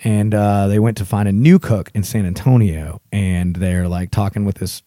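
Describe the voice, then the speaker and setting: A man's voice: on the low side, steady tone, normal speed, mellow, no room sound, studio quality. A man co-hosting a podcast in casual, rambling, enthusiastic chat with crude jokes. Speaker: podcast co-host.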